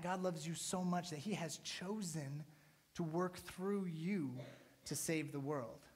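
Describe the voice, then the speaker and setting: At a normal speed and in a mid-range voice, a thirties-aged pastor delivers a relaxed, conversational sermon to his congregation, frequently tagging his points with "right?"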